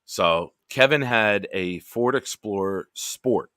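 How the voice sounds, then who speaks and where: Man, live stream host, lowish bright voice, profane animated storytelling, dry sound. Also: slow pace, dry recording. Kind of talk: casual late-night storytelling.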